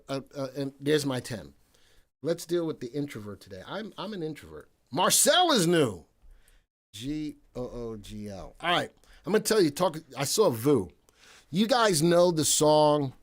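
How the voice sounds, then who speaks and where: Chatty man hosting a live stock stream. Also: on the high side. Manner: chatty, jokey, reads viewer names and tickers aloud. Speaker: livestream stock analysis host. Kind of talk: casual live-stream chat.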